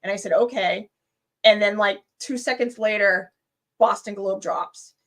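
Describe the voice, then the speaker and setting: A woman, a guest on a live stream, chatting casually and telling a story with lively, acted-out quotes. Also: mid-range voice, unhurried. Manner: animated storyteller, acts out her own screams and quotes.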